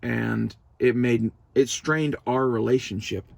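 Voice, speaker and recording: A man's voice: medium pitch, fairly even intonation, takes it slowly, vocal fry, a little mellow, dry recording. A young man, talking to the camera in a loose, profane, meandering monologue that turns emotional at times. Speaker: vlogger. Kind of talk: casual rambling monologue.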